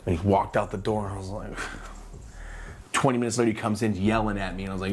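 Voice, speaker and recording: A man in his thirties tells a story in a casual, slangy way. His voice sits fairly low, and he keeps leaping up in pitch to play the other people in the tale. It feels like talking straight to his viewers. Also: fast, a little hiss or hum. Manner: animated, slangy, acts out other people's lines with sudden jumps in pitch. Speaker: streetwear brand owner telling a story.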